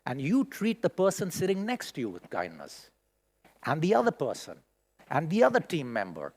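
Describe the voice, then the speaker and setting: A middle-aged man delivers a keynote speech at a school conference hall. His voice sits fairly high and moves in wide, lively swings. He speaks with feeling and leans on rhetorical questions to carry the room. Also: moderate pace. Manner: expressive, emotional, rhetorical questions. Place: large hall at a school event.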